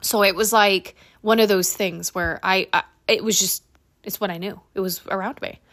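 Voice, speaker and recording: A young woman hosting her own podcast, talking in a candid, animated way, swearing freely and laughing at herself as she tells a personal story. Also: mid-range voice, moderate pace, a little hiss or hum. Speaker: podcast host. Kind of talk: casual solo podcast monologue.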